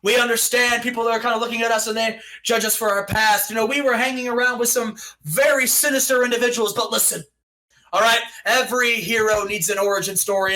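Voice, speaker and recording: A man's voice: high-pitched, pushed and bright, rough recording. A man voicing an earnest male wrestler who poses as a superhero, declaiming his speech.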